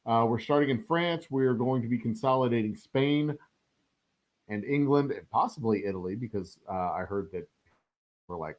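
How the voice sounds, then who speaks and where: A man with a lowish, animated voice speaks at normal speed while hosting a live stream of a strategy game. His casual commentary rambles through jokey asides, frequent fillers and the odd swear, and the lo-fi sound is dull.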